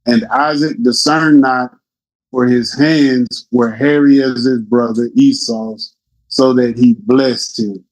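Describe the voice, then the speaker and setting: Male scripture reader, slow and deliberate. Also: medium pitch, rough recording. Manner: steady, deliberate reading. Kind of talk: reading scripture aloud.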